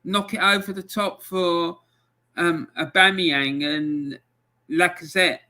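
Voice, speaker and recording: A man's voice: high-pitched, steady tone, slow pace, bright, forceful tone. A man hosting a live football fan stream, ranting in angry exasperation about his team's loss. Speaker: fan channel host.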